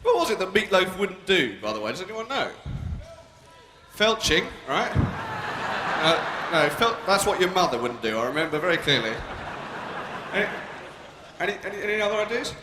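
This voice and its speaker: A young British man with a high, very animated voice works a live arena crowd with cheeky, provocative stand-up banter, speaking at a moderate pace and pausing often. His British English echoes through the big space, with long reverb and audience noise in the recording.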